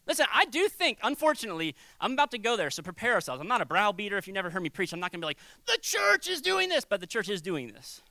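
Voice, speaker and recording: A man preaching a sermon as a pastor, conversational and animated, acting out little quoted voices. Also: sits high, very fast, few pauses, no echo.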